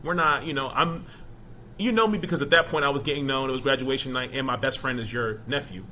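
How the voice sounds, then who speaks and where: A middle-aged man, a former college football player, talking casually in an interview as an animated storyteller who keeps asking "you know?". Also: mid-range voice, fast, a little hiss or hum.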